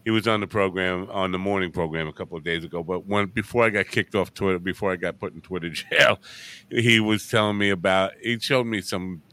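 A man's voice: deep voice, fairly even intonation, brisk, bright, forceful tone, no room sound. A middle-aged man hosting a casual chat show, teasing his guest and joking gloomily about himself. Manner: teasing, gloomy and self-mocking. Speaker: show host.

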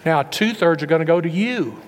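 A preacher voicing a calm, gentle father. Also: on the high side, fairly quick, close to an everyday voice. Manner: soft and gentle. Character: calm loving father speaking to his son. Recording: long reverb in a hall.

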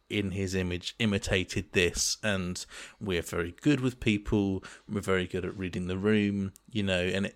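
A man in casual chat as a co-host, talking earnestly in long, searching sentences. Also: deep voice. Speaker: podcast co-host.

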